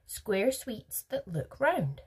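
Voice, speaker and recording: A woman voicing an eccentric, excitable male chocolate maker in a storybook reading, brisk and rude with the other characters. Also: lowish voice, breathy edge, full character voice. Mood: insistent. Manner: quick-witted, brisk and rude. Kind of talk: storybook read-aloud.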